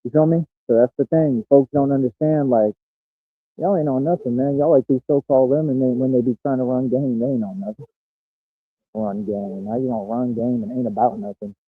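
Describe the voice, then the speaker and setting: A brash man brags through a boastful livestream monologue and keeps laughing at his own lines. His voice sits at an ordinary middle pitch. The audio is tinny and phone-like, with a dry, close sound. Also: fairly even intonation, brisk, dry recording. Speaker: streamer.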